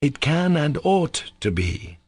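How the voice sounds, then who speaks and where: A man's voice: lowish voice, expressive, moderate pace, creaky, a little mellow, husky, no room sound, heavily acted. A man voicing an earnest young man in an audiobook, who speaks with urgent emphasis. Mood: insistent. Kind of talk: audiobook character voice.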